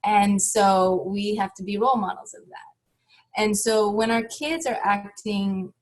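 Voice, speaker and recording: Animated reflective woman therapist. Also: mid-range voice, a little slow. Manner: reflective, animated, laughs often. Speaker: therapist and author guest. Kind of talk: podcast interview.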